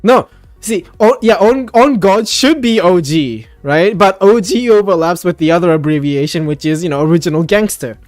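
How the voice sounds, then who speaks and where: A man's voice: high-pitched, normal speed, no echo, soft background music. Profane, laughing man in voice chat. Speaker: streamer hosting a voice chat. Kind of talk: casual voice-chat banter.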